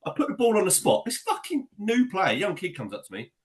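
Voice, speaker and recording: A man co-hosting a podcast, telling animated, sweary stories in casual chat. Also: high voice, a little fast. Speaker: podcast co-host and amateur footballer.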